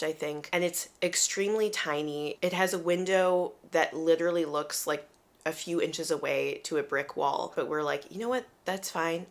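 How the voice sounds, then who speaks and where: A young woman from the United States telling a travel story in an animated, chatty, self-deprecating way. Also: fairly low pitch. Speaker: vlogger. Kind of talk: casual storytelling to camera.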